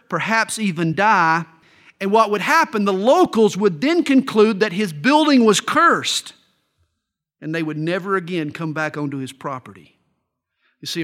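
A middle-aged man preaches a sermon, moving between Bible readings and folksy anecdotes. His voice sits high for a man. It has a bright, forceful edge. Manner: folksy storytelling, tells jokes. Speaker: pastor.

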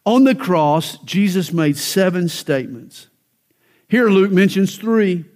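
A man's voice: high voice, lively intonation, takes it slowly, darkish tone. A male pastor preaching a sermon, telling jokes and stories, then building to fervent emphasis.

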